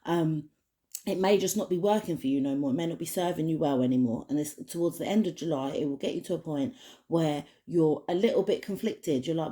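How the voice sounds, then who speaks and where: A woman from the United Kingdom, a tarot card reader, gives a casual spoken oracle card reading, rambling with many restarts and fillers. Her voice is deep and warm, and she speaks briskly.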